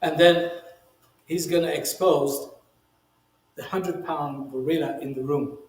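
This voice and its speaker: A male rabbi teaching in a relaxed, conversational way, his voice sitting a little high for a man. He leans hard on key words and jumps up in pitch whenever he voices a quoted speaker. The sound carries a noticeable room echo. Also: measured pace. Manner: emphatic, reads quoted speech in a raised voice, many "you know" asides. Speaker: rabbi teaching the weekly Torah portion. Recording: roomy echo.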